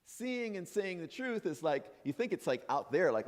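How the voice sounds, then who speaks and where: Male minister, animated sermon, lightly higher voice, echoing sanctuary. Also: normal speed, few pauses. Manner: lively, playful, acts out imagined voices. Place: church sanctuary. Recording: long hall reverb.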